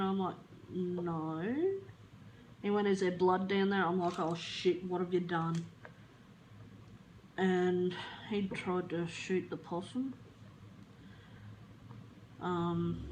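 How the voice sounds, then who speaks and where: Feeling a bit flat, this Australian vlogger rambles through her stories in a chatty way, quick to laugh and dropping the odd swear word. She speaks at a fairly low pitch over a low-quality recording with a little hiss or hum.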